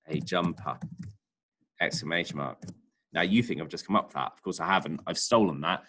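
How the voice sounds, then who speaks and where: Male teacher, deep voice, chatty, thinking out loud as he writes. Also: fairly quick, a little hiss or hum. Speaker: primary school teacher. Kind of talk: remote writing lesson.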